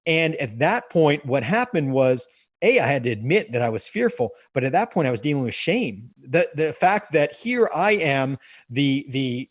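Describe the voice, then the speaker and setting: A man's voice: a little high, sing-song, moderate pace, no echo, studio quality. An earnest man telling a personal story as an interview guest, often repeating words as he restarts sentences. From United States.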